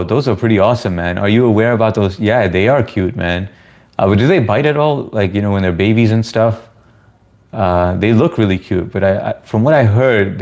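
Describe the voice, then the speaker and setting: This streamer from the United States responds to chat in a laid-back, chatty way. He speaks on the low side with a somewhat dark tone.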